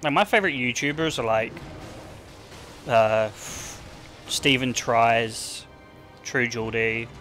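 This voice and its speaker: A man's voice: mid-range voice, takes it slowly, long pauses, pushed and bright, faint music behind. A young man chatting offhand to his stream while gaming, rambling and swearing, full of "like.". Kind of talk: casual livestream chat while gaming.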